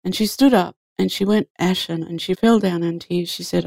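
A woman's voice: fairly low pitch, steady tone, moderate pace, gravelly, darkish tone, no room sound, clean studio sound. A woman guest telling an earnest spiritual story in an easy conversational way. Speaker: guest sharing a faith story.

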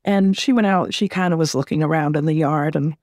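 A middle-aged woman being interviewed, telling a personal story in a gentle, reflective way and often repeating words as she gathers her thoughts. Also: sits low, brisk, no room sound, clean studio sound. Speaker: interview guest.

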